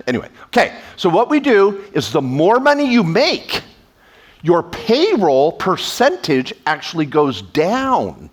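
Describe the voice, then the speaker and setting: A man speaking as a tax attorney at a live event, energetic and sarcastic, slipping into quoted voices, on a stage microphone. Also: high-pitched, a little slow. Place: event stage before an audience.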